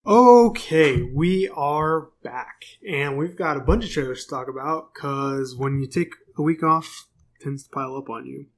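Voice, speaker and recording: A man's voice: mid-range voice, moderate pace, fairly bright tone. A young man co-hosting a casual podcast chat, rambling with lots of ums and self-corrections. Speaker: podcast co-host.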